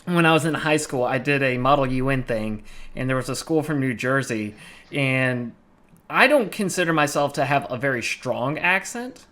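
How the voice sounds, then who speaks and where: A man with a Southern American accent runs a tabletop game over an online session. His voice sits mid-pitch, and he murmurs quietly while he works the map, then perks up when he talks to the players. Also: moderate pace. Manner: relaxed, muttering to himself while moving tokens. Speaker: game master.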